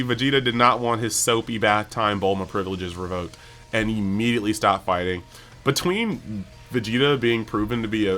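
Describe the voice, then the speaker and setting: A man hosting a casual anime episode breakdown, talking excitably and peppering his speech with "like". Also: lowish voice. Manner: excitable, heavy use of "like". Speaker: anime channel host.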